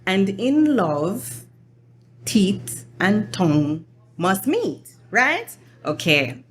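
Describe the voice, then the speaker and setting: Slow, expressive Jamaican woman storyteller. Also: mid-range voice, slight background noise. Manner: slow, deliberate, audience-engaging. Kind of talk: live storytelling performance. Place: live event venue with audience.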